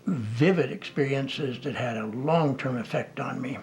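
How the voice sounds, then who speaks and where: A man's voice: mid-range voice, a little slow. An older man telling stories in a documentary interview, acting out dialogue and laughing often. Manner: animated storyteller who acts out dialogue and laughs. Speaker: interviewee, counselor.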